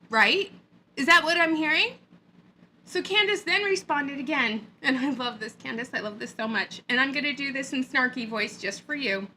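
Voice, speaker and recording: A woman's voice: high voice, animated, normal speed, sharp tone, slight background noise. A woman vlogger giving a sarcastic, mocking rant in a hot upstairs room. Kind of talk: ranting commentary vlog.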